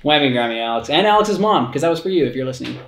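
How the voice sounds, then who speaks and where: A man's voice: a little high, animated, racing, vocal fry, a bit bright, reverberant. A man co-hosting a casual podcast chat, joking and rambling with skater slang. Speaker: podcast co-host.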